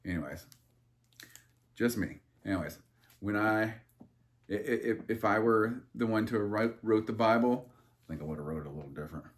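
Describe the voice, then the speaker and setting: A man's voice: fairly low pitch, brisk. A man reading a Bible passage aloud and breaking off into irreverent, crude joking asides, with a loose, rambling delivery full of fillers and restarts. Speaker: Bible study leader. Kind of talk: casual Bible reading with commentary.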